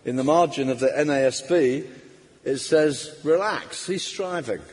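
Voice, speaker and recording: A man's voice: on the high side, very animated, unhurried, slight background noise. A man preaching a sermon emphatically, acting out quoted voices. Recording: long hall reverb.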